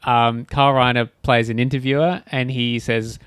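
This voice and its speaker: A man co-hosting a casual chat about a TV episode, acting out quotes in higher voices. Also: moderate pace, clean tone, no room sound. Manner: animated storyteller, acts out quotes in higher voices. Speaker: podcast co-host.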